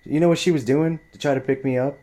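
A man's voice: fairly high pitch, fairly even intonation, quick pace, warm tone. A man in his twenties telling a story in a heated, profane, rambling rant. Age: 20s.

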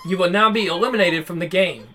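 Reader doing a robotic announcer, slow and flat, medium pitch. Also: close to an everyday voice. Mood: cold. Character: cold robotic game announcer. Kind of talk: reading a visual novel aloud.

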